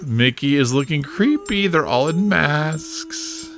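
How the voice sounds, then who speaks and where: A woman hosting a reaction show, narrating a cartoon excitedly, laughing and sometimes hushing her voice. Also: deep voice, normal speed, creaky, soft background music. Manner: excitable, laughing, often drops to a hushed voice. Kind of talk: live reaction commentary on a cartoon.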